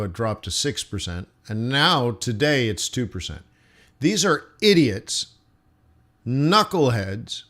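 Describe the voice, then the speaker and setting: A man's voice: mid-range voice, bright, forceful tone. Blunt, mocking male market commentator. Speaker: trading show host.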